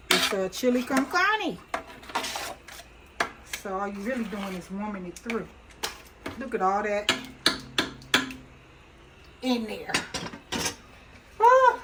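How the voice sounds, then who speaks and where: A woman's voice: fairly high pitch, very noisy. A middle-aged woman hosting her own cooking channel, talking through a casual demonstration at her kitchen stove in a chatty, folksy way, laughing easily. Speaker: home cook and channel host.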